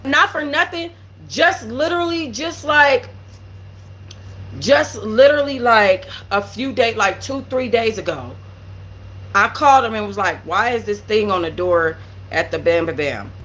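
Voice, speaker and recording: A woman with a somewhat high-pitched voice tells a personal story, storytime commentary style. She is blunt and profane and plays out everyone's lines as she goes. She records from a home setup with a green screen. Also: animated, unhurried, fairly bright tone, poor audio. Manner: acts out quoted dialogue. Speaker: channel host.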